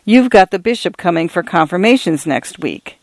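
A man's voice: high-pitched, animated, normal speed, no room sound. A man voicing a genial, gossipy male priest in his fifties, telling stories in an easygoing way. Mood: chatty. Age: 50s. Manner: easygoing, anecdotal.

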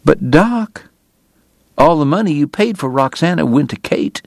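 Anxious, stammering brother, put on by a male reader, raised pitch. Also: expressive, a little slow, creaky, no room sound. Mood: pleading. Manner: hesitant, stammering, pleading. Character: anxious, pleading younger brother.

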